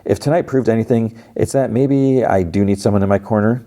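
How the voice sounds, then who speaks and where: A man's voice: fairly low pitch, brisk, mellow, pitched above the performer's own voice, lightly acted. A man voicing a young male superhero who cracks nervous jokes, raising his voice a little above his own. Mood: eager quips. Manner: eager, flustered, joking.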